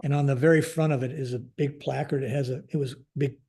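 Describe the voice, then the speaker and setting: A man's voice: mid-range voice, steady tone, fast talker, dark tone, breathy edge. An older American man, a retired Air Force general, telling a story in a podcast interview and acting out the dialogue. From United States. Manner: conversational, acts out dialogue in quotes, frequent fillers.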